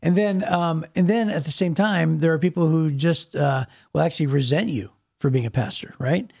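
A man's voice: a little high, moderate pace, vocal fry, a little mellow. A man from Ohio, a pastor, telling stories in a casual chat with lots of restarts and repeated words. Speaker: pastor and podcast co-host.

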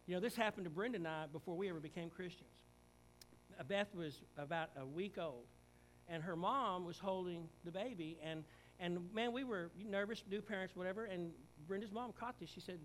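A man preaching a sermon as pastor, swinging from quiet reflection to emphatic, rising declarations and acted-out quotes. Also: high-pitched, fairly quick, a little hiss or hum, poor audio.

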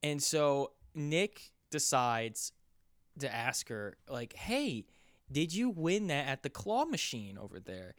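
A young man telling a story in casual chat, rambling and profane, his voice climbing loud and high when he gets worked up. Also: big pitch swings, slow, no room sound, studio quality. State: sore.

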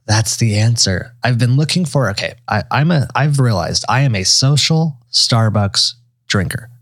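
Husky-voiced guy chatting on a podcast, playful, voice jumps around a lot, dry close mic. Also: mid-range voice, animated, fairly bright tone, no echo. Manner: playful, reacts with quick comments and jokey bits. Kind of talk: casual chat.

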